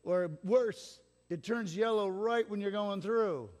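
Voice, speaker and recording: A man's voice: sits high, takes it slowly, a little mellow. A middle-aged man preaching a sermon as pastor, telling stories in a casual, conversational way and acting out the people he quotes. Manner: conversational storytelling, acts out quotes. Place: church sanctuary. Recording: long church reverb.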